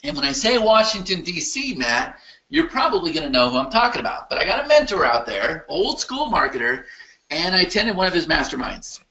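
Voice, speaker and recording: A man presenting a webinar in an emphatic, repetitive motivational sales-pitch style. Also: sing-song, fairly quick, pushed and bright, muffled recording.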